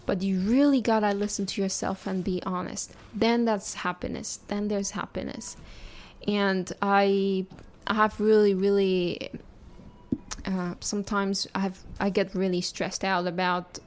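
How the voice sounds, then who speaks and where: Woman podcast host, mid pitch, earnest and encouraging tone, talks straight to the listener. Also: flat delivery, a little slow, a little hiss or hum. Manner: earnest, reassuring, speaks directly to listeners.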